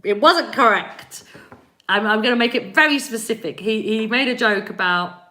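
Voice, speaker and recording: In a fairly high, pushed and bright voice at normal speed, an East London woman with a local accent runs a live-stream chat. Working as a spiritual reader and energy healer, she answers comments, rambles, laughs, and welcomes viewers by name.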